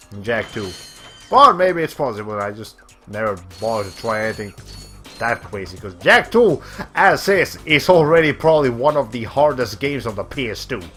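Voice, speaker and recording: A man streaming a video game in a medium-pitched voice that is going hoarse as he loses it. He rambles and thinks aloud between moves and swears casually. Game music plays faintly behind him. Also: a bit bright. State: losing his voice. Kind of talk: casual let's-play commentary.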